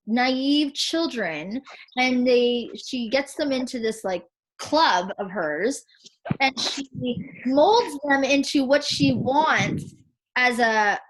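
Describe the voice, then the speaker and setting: A woman with a high voice talks on a video call. She is blunt, swears often and acts out other people's words as she tells the story. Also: fairly bright tone. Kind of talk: heated casual chat.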